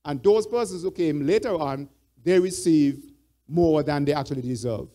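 A man's voice: on the high side, normal speed, dark tone. A church elder teaching a Bible study. He repeats his points and prompts the group with fill-in "what?" questions.

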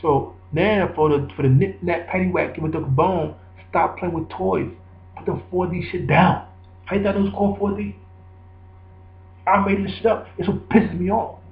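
Man, slightly high voice, gravelly, preachy rambling monologue, echoey dull recording. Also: normal speed. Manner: preachy, repetitive, emphatic.

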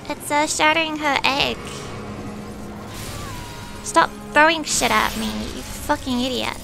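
A woman streaming a game, giving casual, profane and excitable commentary. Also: sits high, slow pace, creaky, long pauses, over music.

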